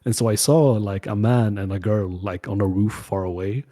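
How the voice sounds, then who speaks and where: A man's voice: on the low side, fairly even intonation, moderate pace, dark tone. A man co-hosting a comedy podcast, teasing the others with dry quips. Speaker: podcast co-host. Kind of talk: casual comedy chat.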